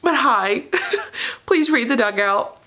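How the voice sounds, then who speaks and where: A woman's voice: fairly high pitch, animated, takes it slowly, sharp tone. A young woman vlogging casually at home about books she read, talking in an emotional, gushing way and laughing often. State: tearful. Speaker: book vlogger. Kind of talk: casual vlog chat. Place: dark living room at home.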